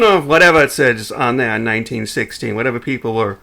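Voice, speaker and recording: A man's voice: medium pitch, fast talker, creaky, sharp tone. Male co-host, loose jokey podcast talk, trails off and restarts a lot. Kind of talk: casual chat.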